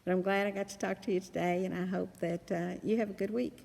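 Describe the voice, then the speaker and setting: A woman's voice: lowish voice, little pitch movement, fast talker, vocal fry, a little mellow. A middle-aged woman, rambling through a casual reflective monologue with many restarts and fillers. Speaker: blogger and podcast host. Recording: long reverb.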